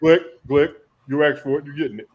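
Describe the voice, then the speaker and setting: A man's voice: a little high, fairly quick, phone-quality sound, over a noisy crowd. A man on a podcast in casual chat, bantering brashly with plenty of swearing.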